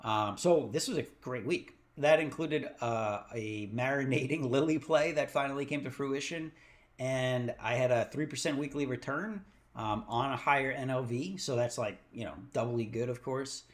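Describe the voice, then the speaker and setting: A man in the middle of an easygoing livestream, chatting about his week with real excitement. He rambles and restarts sentences as his thoughts run ahead of him. His voice sits at an ordinary middle pitch. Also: normal speed. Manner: enthusiastic, rambling, stumbles over words. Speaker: host of a stock trading show. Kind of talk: casual livestream commentary.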